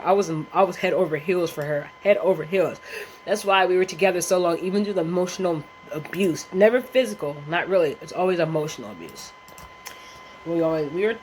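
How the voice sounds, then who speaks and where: A woman vlogger telling a casual storytime, animated and profane, rambling with slang and fillers and often laughing. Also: deep voice, a little hiss or hum, rough recording.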